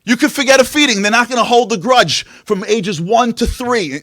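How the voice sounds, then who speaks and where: A man giving an impassioned inspirational talk at an event, firing rhetorical questions and swinging from loud to hushed. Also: very high-pitched, normal speed, no echo, clean studio sound. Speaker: speaker at a Tisha B'Av event. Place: event venue.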